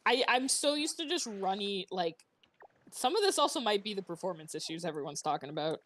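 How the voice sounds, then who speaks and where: A woman co-hosting a casual gaming stream, chatty and quick to laugh, reading out chat. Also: medium pitch, animated. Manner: chatty, laughs often, reads chat aloud. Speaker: streamer co-host.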